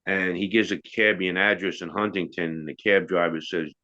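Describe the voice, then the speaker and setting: A man's voice: deep voice, steady tone, brisk, sharp tone. A middle-aged man telling a story as an interview guest, casual and rambling, with restarts and asides. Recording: dull lo-fi sound.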